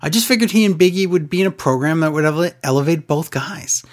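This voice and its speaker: A man's voice: a little high, fast talker. Sarcastic man reading listener emails. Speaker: podcast co-host. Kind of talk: casual wrestling podcast chat.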